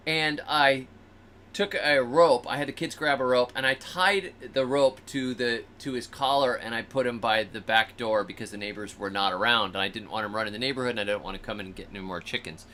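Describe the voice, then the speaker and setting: Speaking at a medium pitch over slight background noise, a male show host tells stories in a casual, animated way. He acts out the animals and people in them using funny voices.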